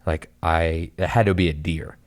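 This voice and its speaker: A man's voice: low-pitched, steady tone, normal speed. A young man on a podcast, telling a long story in a loose, rambling way, full of "like" and "dude.". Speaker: podcast guest. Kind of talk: casual storytelling chat.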